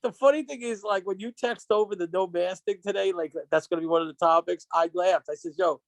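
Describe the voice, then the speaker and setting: A podcast co-host with a high voice and vocal fry talks fast, with no room sound in the recording. He tells stories in a casual, profane style, swearing freely and acting out quotes.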